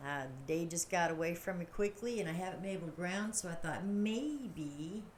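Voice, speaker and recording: A woman's voice: lowish voice, animated, normal speed, a little hiss or hum. A woman chatting casually to her livestream viewers, rambling and laughing often as she talks. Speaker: livestream host.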